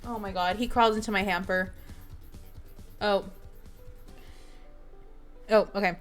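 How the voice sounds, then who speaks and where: A woman hosting a live stream in casual chat, hyper and excitable, meowing playfully at her chat. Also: mid-range voice, measured pace, soft background music. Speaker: streamer host.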